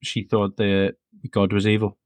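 A man's voice: fairly low pitch, completely flat delivery, a little slow, a little mellow, no room sound. A man hosting a podcast in casual chat, with a dry, teasing manner. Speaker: podcast host.

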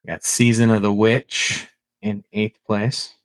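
Man, low voice, podcast guest, relaxed casual chat. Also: unhurried.

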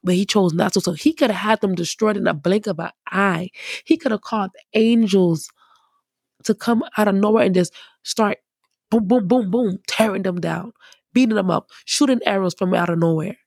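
A woman preacher talks through scripture in a conversational, emphatic way, with her pitch in a middle range. The sound is dry and close, with no room behind it. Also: normal speed, creaky, a little mellow, husky, dry recording. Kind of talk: casual Bible teaching.

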